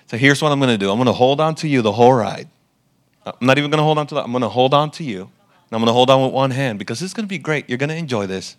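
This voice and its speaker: A man's voice: mid-range voice, expressive, rapid-fire. A man preaching a sermon as a pastor, telling stories with self-deprecating humor.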